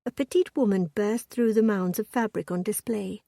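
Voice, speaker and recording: Woman reading a romance audiobook, mellow warm tone, dry close mic, steady and measured. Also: medium pitch, creaky, no room sound. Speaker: audiobook narrator. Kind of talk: scripted romance narration.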